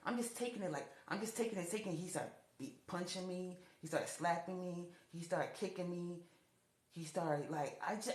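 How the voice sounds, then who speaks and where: A woman telling her own life story to camera, repeating herself and rising in pitch when upset. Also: moderate pace, pauses often, darkish tone. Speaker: TikTok storyteller. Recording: echoey room.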